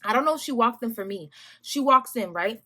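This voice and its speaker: A young adult woman vlogger telling a story in a casual, animated, slangy way, addressing viewers directly. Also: on the high side, fairly quick.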